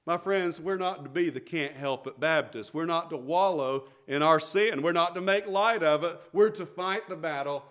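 A man's voice: on the high side, normal speed, few pauses, fairly bright tone. A middle-aged man, preaching a sermon as pastor, emphatic and repetitive.

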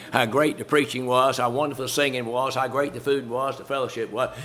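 A man's voice: mid-range voice, fast talker, few pauses, fairly bright tone. A man preaching a sermon in a folksy, conversational way, chuckling as he talks through a Bible story to his congregation.

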